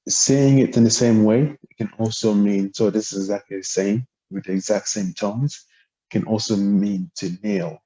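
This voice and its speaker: Male language tutor, husky low voice, patient and halting, recorded without a proper mic. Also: steady tone, mellow, highs cut off. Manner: hesitant, lots of ums, spells out syllables and tones. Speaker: language teacher. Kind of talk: relaxed explanatory lesson.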